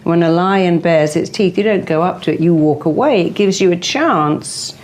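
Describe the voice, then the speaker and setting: A woman with a very low speaking voice gives motivational advice in an interview. She talks in a lively way and acts out the voices of the people she quotes. Her tone is that of a therapist sharing lessons. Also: normal speed.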